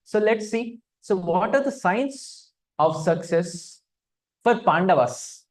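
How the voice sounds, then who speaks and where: A man's voice: high voice, animated, takes it slowly. A man leading a scripture study class. He talks interactively, asks his listeners questions and often hums between points. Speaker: spiritual teacher.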